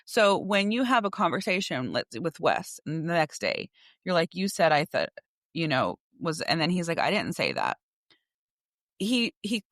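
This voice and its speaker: A woman's voice: medium pitch, no echo, clean studio sound. A woman in her forties, a podcast co-host and coach, chatting casually and acting out her kids' voices as she tells stories. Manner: animated storyteller who acts out her kids' voices. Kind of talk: casual chat.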